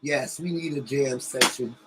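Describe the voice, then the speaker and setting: A man's voice: medium pitch, a little slow, very noisy. A man co-hosting a casual live stream. He chats loosely with viewers and greets them by name. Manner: chatty, greets viewers, colloquial.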